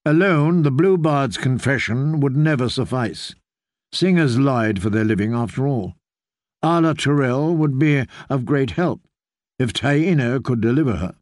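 A man narrating an audiobook in a steady, even storytelling manner. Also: mid-range voice, unhurried, no room sound, studio quality. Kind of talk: scripted narration.

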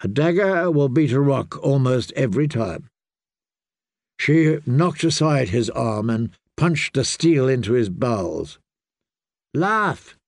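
A man narrating an audiobook in a measured, deliberate storytelling manner. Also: mid-range voice, animated, vocal fry, a little mellow, no echo, clean studio sound.

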